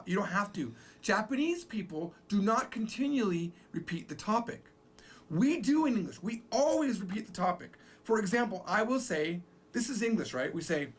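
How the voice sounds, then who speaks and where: A man teaching a recorded language lesson, explaining patiently and slowly repeating example phrases. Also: sits high, big pitch swings, a bit bright, breathy edge.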